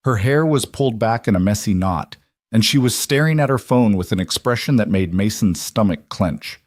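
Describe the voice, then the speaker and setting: A man calmly reading a scripted drama story aloud as narrator. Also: on the low side, moderate pace, dry recording, clean studio sound.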